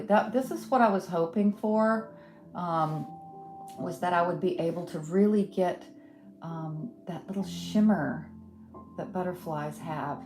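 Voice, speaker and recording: A middle-aged woman from Western North Carolina with a Southern accent, teaching a casual live painting tutorial, thinking aloud with many ums and soft laughs. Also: fairly low pitch. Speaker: art instructor. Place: home art studio. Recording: roomy studio with guitar music behind.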